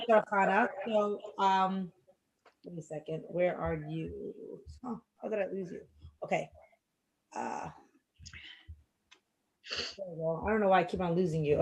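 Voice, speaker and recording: A woman's voice: medium pitch, a little mellow, poor audio. A woman moderating an online class, reading audience questions aloud in a chatty way. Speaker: event moderator.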